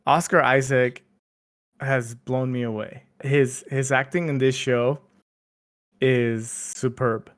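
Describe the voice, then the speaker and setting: A man's voice: medium pitch, fairly even intonation, takes it slowly. A man co-hosting a podcast, chatting casually with lots of fillers and restarts. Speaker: podcast co-host. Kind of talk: casual chat.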